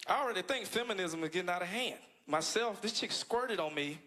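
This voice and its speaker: A man from the United States doing a stand-up set, animated, jumping into high-pitched act-outs and laughing through his lines. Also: fairly quick. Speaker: stand-up comedian. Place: comedy club stage with live audience. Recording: loud crowd laughter in club.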